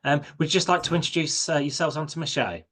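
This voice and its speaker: A man's voice: fairly high pitch, fast talker, a bit bright. A man hosting a radio interview, asking questions hesitantly with lots of filler words. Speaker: radio show host.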